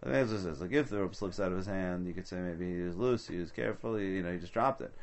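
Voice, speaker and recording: A man's voice: sits low, quick pace, darkish tone. A man teaching a Talmud study session, explaining step by step and asking rhetorical questions. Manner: explanatory, mixes Hebrew and Aramaic terms into English.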